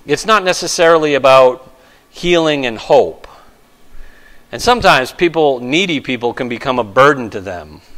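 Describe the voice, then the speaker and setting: Male pastor, higher voice, bright tone, casual preaching with dramatic quoted lines. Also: low-quality recording. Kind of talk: sermon.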